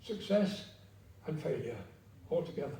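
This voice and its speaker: A man's voice: a little high, animated, moderate pace. Elderly man in an echoey hall. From England. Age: 90s. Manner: chatty storytelling with quoted dialogue. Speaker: veteran giving a talk. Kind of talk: public talk with anecdotes. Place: theatre hall. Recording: echoey hall, distant mic, noisy.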